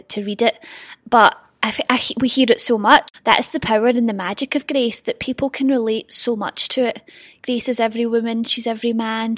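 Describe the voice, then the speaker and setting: Husky, bright-pitched woman host. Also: no echo. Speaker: podcast host. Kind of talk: podcast conversation.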